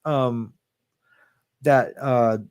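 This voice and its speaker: A man's voice: mid-range voice, steady tone, extremely slow, darkish tone, clean tone. A man hosting a casual talk show, rambling and hesitant, with lots of fillers and restarts and some casual swearing. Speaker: podcast host. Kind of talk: casual chat.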